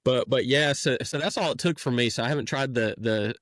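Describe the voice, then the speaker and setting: A man's voice: medium pitch, a little fast, no room sound, studio quality. Middle-aged man hosting with easy laughs. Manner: laughs easily, warm backchannel, rambling questions. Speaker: podcast host. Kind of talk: casual interview chat.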